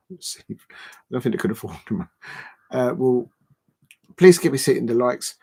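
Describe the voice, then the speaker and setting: A man hosts a football livestream in casual chat, rambling and halting with lots of fillers and frequent chuckles. His medium-pitched voice is animated, creaky, husky, and dark in tone.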